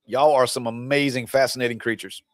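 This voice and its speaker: A man's voice: medium pitch, fairly even intonation, fairly quick, a bit bright, no room sound, clean studio sound. A man who coaches people through divorce, talking on a live stream in a blunt, preachy, fired-up way and teasing his viewers. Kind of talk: live stream pep talk.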